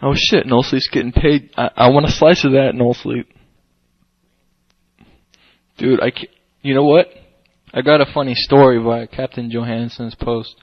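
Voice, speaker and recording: A young man hosting a livestream, chatting casually and telling rambling, profane stories, with dull lo-fi audio. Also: mid-range voice. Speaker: livestream host.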